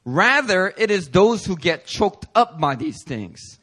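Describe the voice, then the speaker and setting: A male pastor preaching a sermon in a playful, animated way with casual slang. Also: high voice, slow, husky.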